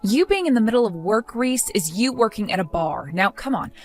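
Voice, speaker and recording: A woman's voice: medium pitch, animated, a little fast, a little mellow, faint music behind, close to an everyday voice. A young woman voicing a hardworking wife who defends herself with exasperation. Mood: defensive. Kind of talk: text-story voice acting.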